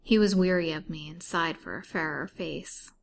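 A woman's voice: low voice, normal speed, gravelly. A woman reading aloud in the voice of a weak, bitterly wronged young wife, earnest and pleading.

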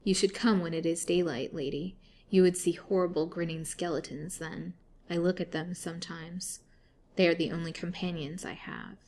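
A woman's voice: fairly low pitch, fairly even intonation, moderate pace, a little mellow. A woman voicing a starving imprisoned woman who pleads desperately, in a storybook reading. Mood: pleading. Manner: imploring, mournful storybook reading.

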